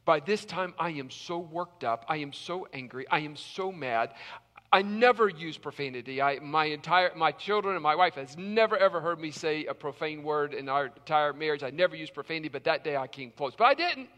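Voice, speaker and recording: Man, middle-aged, pastor, sermon, emphatic repeating storyteller, high bright voice. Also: animated, a little fast, long reverb tail. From South Carolina.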